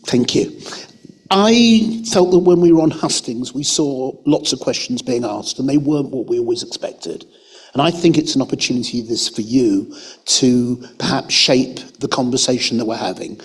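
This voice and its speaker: A man with a husky voice addressing a formal meeting reflectively and inviting others to give their input. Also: medium pitch, moderate pace. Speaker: meeting panelist.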